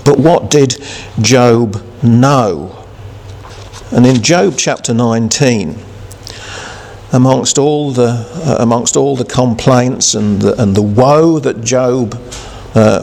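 A male preacher delivers a sermon at an unhurried, deliberate pace. His voice carries a gravelly texture, and he speaks haltingly, often restarting his sentences. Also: medium pitch, darkish tone, big-room sound. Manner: slow, halting, many restarts and fillers. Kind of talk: sermon with scripture reading.

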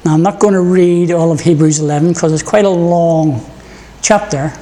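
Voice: mid-range voice, normal speed, warm tone, long reverb tail. A preacher opening with prayer, then delivering an earnest morning sermon with stories.

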